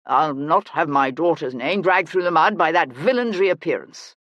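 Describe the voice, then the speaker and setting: A man's voice: fairly high pitch, animated, moderate pace, fairly bright tone, no room sound. A narrator voicing Brownbeck, a stout, self-important older male banker who blusters and moralizes, in an audiobook. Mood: indignant. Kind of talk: audiobook character voice.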